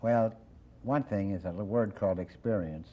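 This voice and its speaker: An older man, a comedian guest, chatting in an interview as a quick, wisecracking storyteller. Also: fairly low pitch. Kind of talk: casual interview chat with joke-telling. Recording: dull lo-fi old TV recording.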